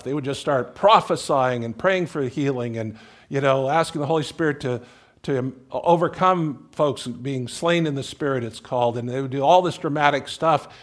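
A middle-aged man preaching a conversational sermon as pastor, folksy, with joking asides and little acted-out scenes. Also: on the high side.

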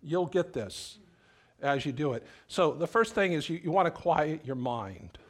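A man's voice: fairly high pitch, expressive, measured pace. Conversational male pastor preaching. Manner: conversational, storytelling, repeats words. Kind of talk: sermon.

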